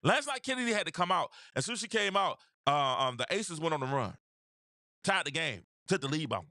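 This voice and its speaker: A man's voice: on the high side, sing-song, a little fast, bright, forceful tone, no room sound, clean studio sound. A man hosting a live stream, talking basketball in a loose, slangy way, greeting viewers by name and repeating phrases for emphasis. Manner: casual slangy delivery. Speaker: host. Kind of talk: live stream basketball talk with chat shout-outs.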